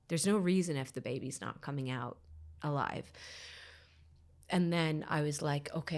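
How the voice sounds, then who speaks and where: A woman telling a painful personal story as a podcast guest, sometimes dropping to a hushed whisper and acting out other people's words. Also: deep voice. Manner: acts out others' words in quotes.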